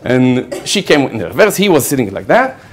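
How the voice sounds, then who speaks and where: A man's voice: mid-range voice, big pitch swings, moderate pace, slight background noise. A man with an Israeli accent, a rabbi giving a storytelling lecture, laughing often and checking in with "okay" as he goes. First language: Hebrew.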